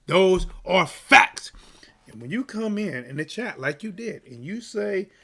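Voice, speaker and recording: Animated male livestream sports host. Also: high voice, a little slow, vocal fry, slightly rough. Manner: animated, repetitive, hyping the chat. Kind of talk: casual live-stream chat.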